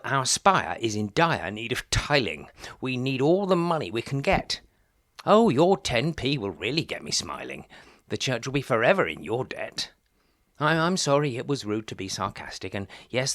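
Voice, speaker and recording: A man's voice: mid-range voice, fairly bright tone, dry recording, studio quality. A man playing a flustered older vicar. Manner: theatrical, exclamatory, wry and sarcastic. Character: older male vicar, harried, fundraising door to door. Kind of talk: comic verse monologue.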